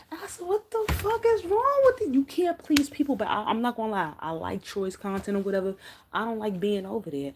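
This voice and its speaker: Fast-talking, profane woman ranting on a live stream. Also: on the low side. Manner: fast, profane, animated storytelling with slang. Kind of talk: unfiltered casual rant. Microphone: phone.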